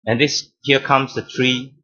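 A man preaching a sermon as pastor, teaching deliberately, stressing key words and repeating phrases. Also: medium pitch, little pitch movement, sharp tone, highs cut off.

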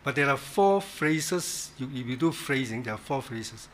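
A man leading a Bible study in a church, teaching in a halting way, repeating words and stressing key words. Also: medium pitch, animated, a little hiss or hum.

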